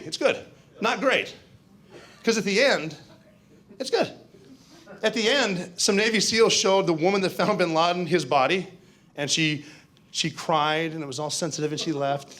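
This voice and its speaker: A man telling a war story to an audience in a conversational, animated way with asides. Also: on the high side. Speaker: keynote speaker. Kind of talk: storytelling speech.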